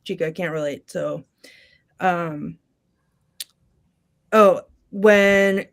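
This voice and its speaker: A woman's voice: fairly low pitch, drawn-out words, vocal fry. A woman co-hosting a podcast in casual chat, retelling scenes with lots of fillers. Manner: chatty, retells film scenes with many fillers. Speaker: podcast co-host.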